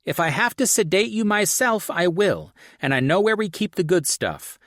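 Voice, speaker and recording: Brief: man putting on a firm, higher-pitched woman nurse, no-nonsense, audiobook scene. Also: lively intonation, moderate pace, a bit bright, no room sound, studio quality. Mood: stern. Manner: firm, threatening. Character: stern thin female ER nurse, no-nonsense. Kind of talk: audiobook character voice.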